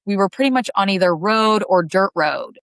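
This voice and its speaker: A woman's voice: mid-range voice, expressive, moderate pace, a bit bright, no room sound. A woman ultrarunner chatting casually as an interview guest, her speech full of "like" fillers. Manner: chatty, heavy use of "like" fillers.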